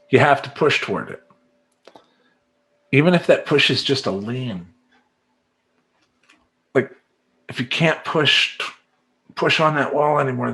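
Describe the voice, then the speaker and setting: A man's voice: medium pitch, fairly bright tone. A man talking as a life coach in a rambling, emphatic monologue, acting out his clients and making sound effects. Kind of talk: casual monologue to camera.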